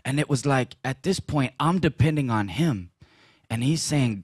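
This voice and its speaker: A man giving a personal testimony at a church gathering, telling the story with laughs and sudden loud bursts. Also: medium pitch, animated, normal speed, breathy edge, no echo, clean studio sound.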